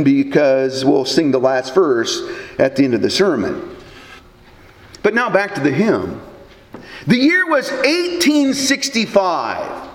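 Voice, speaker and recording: High-voiced pastor preaching in an echoey church. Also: male voice. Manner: storytelling, conversational with occasional restarts. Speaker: Lutheran pastor. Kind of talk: sermon. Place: church sanctuary. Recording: echoey hall with long reverb.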